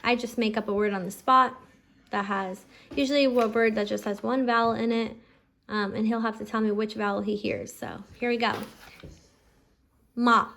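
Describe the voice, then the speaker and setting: A patient mother talks through a reading lesson at home in a fairly high voice. She stretches out each letter sound slowly for her child. She explains every step plainly. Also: fairly even intonation, vocal fry, a bit bright. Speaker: homeschooling parent teaching phonics. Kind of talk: instructional explanation to camera.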